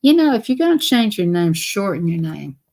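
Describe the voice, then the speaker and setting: Gravelly woman chatting on a live stream. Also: mid-range voice, sing-song, fairly quick, a little mellow. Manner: rambling, chatty, repeats herself. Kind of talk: casual live-stream chat.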